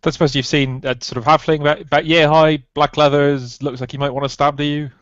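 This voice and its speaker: A man's voice: fairly high pitch, flat delivery, fairly quick, fairly bright tone, no room sound. A man playing in a tabletop game, talking in a blunt, joking way. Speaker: player. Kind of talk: casual tabletop game talk. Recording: muffled lo-fi mic.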